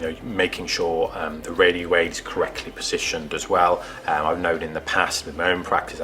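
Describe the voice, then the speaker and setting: A male teacher talking hesitantly about his lessons, with many pauses and ums. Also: sits low, a bit bright. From England.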